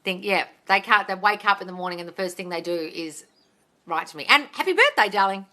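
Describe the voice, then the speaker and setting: A woman's voice: lowish voice, a little fast. A woman casually hosting a live question-and-answer stream on her phone, reading out viewer comments and calling people darling. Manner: chatty and animated, calls viewers darling, swears casually.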